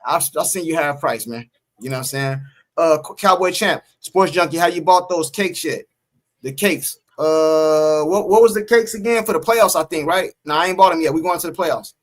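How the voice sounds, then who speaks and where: A man's voice: on the high side, normal speed. A man co-hosting a casual post-game sports stream, reading the chat and talking emphatically, repeating his points and teasing viewers. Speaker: sports talk co-host.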